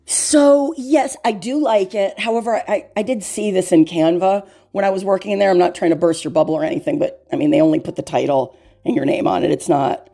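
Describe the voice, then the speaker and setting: Gravelly-voiced woman hosting, halting. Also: on the low side, fairly even intonation. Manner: hesitant, halting, gently teasing. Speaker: host. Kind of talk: comedic mock interview.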